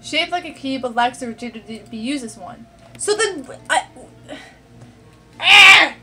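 A woman's voice: high-pitched, expressive, brisk, fairly bright tone, faint music behind. A young woman commentating her own gameplay, talking to herself, swearing and getting frustrated. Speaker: gaming let's play host. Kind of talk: let's play commentary.

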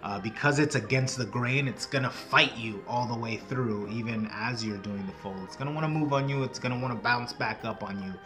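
A man hosts his own craft channel, walking through folding steps in a casual, rambling tutorial with self-mocking jokes. His mid-range voice is fairly quick with few pauses, and music plays underneath.

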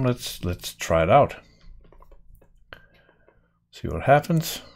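A man's voice: medium pitch, vocal fry. A man giving a casual screen-share coding tutorial, thinking aloud with lots of fillers and restarts. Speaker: software developer teaching coding.

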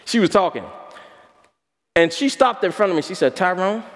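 A man's voice: high voice, very animated, normal speed. A man, a pastor, preaching a sermon by telling stories and asking the congregation questions. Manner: storytelling, asks the congregation questions. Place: church hall. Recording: long hall reverb.

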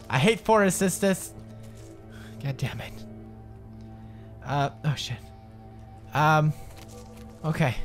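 A young man in his twenties giving jokey, swear-filled let's play commentary on a horror game, dropping to low mutters and jumping to frightened yelps. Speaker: gaming commentator.

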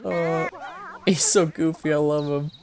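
A young woman giving casual gameplay commentary, swearing often and yelling at the game. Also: low-pitched, steady tone, a little slow, over music. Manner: swears a lot, yells at the game. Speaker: gaming video creator.

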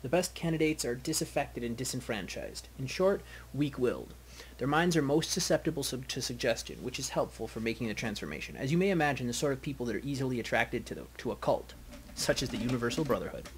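A man's voice: medium pitch, lively intonation, fast, a little hiss or hum, lightly acted. Ancient immortal elf, read by a man, breezy, mocking, aloof. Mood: flippant.

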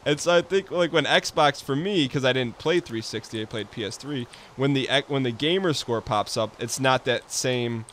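A man's voice: medium pitch, moderate pace, hardly any pauses, a little hiss or hum. Man chatting casually over a game. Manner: relaxed, rambling, laughs easily. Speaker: let's play host. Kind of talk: casual gaming chat.

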